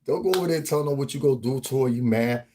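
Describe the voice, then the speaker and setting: A man from the Northeastern United States giving a casual, profane commentary rant as a vlogger, animated and often laughing. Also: medium pitch, rapid-fire, slight background noise.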